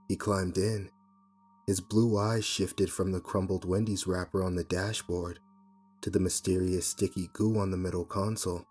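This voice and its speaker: A man reading a first-person horror story aloud in a measured storytelling manner. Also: low voice, flat delivery, darkish tone, husky. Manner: measured storytelling with voiced dialogue. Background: faint music.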